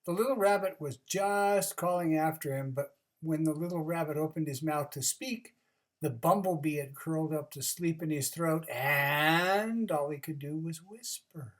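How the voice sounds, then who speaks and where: A storyteller casually reading a children's book aloud, with chatty asides and expressive narration. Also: mid-range voice, a little slow. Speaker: storybook reader.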